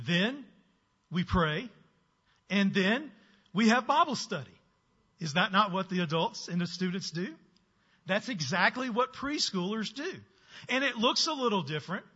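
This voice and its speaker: A man's voice: on the high side, pushed and bright. A man leading preschool ministry, giving an earnest and emphatic church presentation to the congregation. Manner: earnest, emphatic, asks the room for agreement. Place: church sanctuary. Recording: dull sound with long hall reverb.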